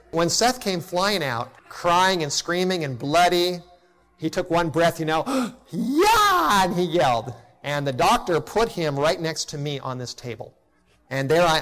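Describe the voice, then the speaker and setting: A middle-aged man preaching a sermon to a congregation, telling a personal story in an earnest way that drops to a hush at tender moments. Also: fairly high pitch. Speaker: pastor.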